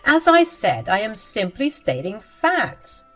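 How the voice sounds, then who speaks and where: A woman's voice: on the high side, wildly swooping pitch, slow pace, fairly bright tone, faint music behind, full character voice, poor audio. A woman putting on a smug, cruel sister-in-law. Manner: condescending, self-righteous.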